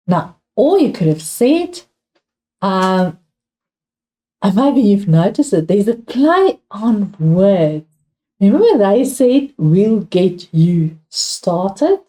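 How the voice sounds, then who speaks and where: A woman with a South African accent and a mellow, medium-pitched voice teaches an English exam revision lesson. She is patient, repeats key points and asks her students questions.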